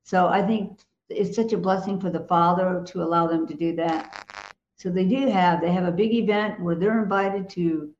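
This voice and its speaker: A woman's voice: on the low side, fairly even intonation, moderate pace, darkish tone, reverberant, highs cut off, a little hiss or hum. A woman co-hosting a Christian talk show, speaking with emphatic assurance and laughing easily. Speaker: co-host.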